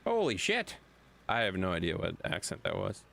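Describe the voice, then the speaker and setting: A man streaming a game live, joking and swearing with his friends in lively banter. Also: low-pitched, a little fast, creaky. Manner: excitable, profane, joking.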